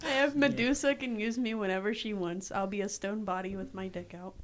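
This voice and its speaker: A woman with a Southern US accent co-hosting a podcast, reading fan mail and making deadpan crude jokes. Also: mid-range voice, fairly quick, noisy background. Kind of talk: casual chat.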